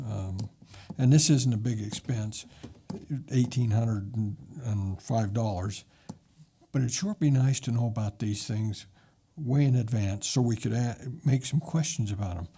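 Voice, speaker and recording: A man's voice: medium pitch, mellow, slightly rough. A man on a city council questioning a budget item skeptically in a meeting. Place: council chamber.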